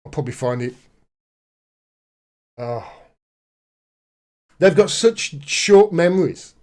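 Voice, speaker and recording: A man's voice: a little high, expressive, takes it slowly, darkish tone. Sarcastic man ranting. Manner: sarcastic, indignant, reads news aloud. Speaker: political commentary host. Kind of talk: live-stream ranting commentary.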